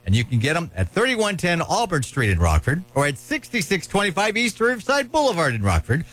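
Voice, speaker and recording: A man's voice: fairly high pitch, a little fast. A man reading a radio commercial in an upbeat, salesy way. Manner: upbeat, salesy, lively delivery. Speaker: radio ad announcer. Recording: music bed behind voice.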